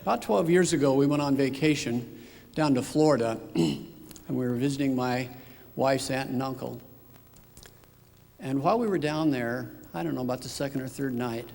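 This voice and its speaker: A man's voice: medium pitch, moderate pace, gravelly, a little mellow. A middle-aged man giving a personal testimony talk, telling his story earnestly and acting out his own words. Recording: echoey hall with long reverb.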